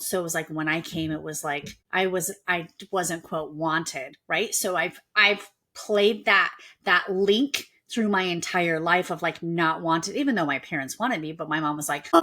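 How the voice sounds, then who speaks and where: A woman's voice: fairly low pitch, moderate pace, hardly any pauses, sharp tone. A woman hosting a podcast from home, chatting casually and animatedly acting out quoted voices. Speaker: podcast host. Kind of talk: casual conversational interview. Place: at home, with children and a dog nearby.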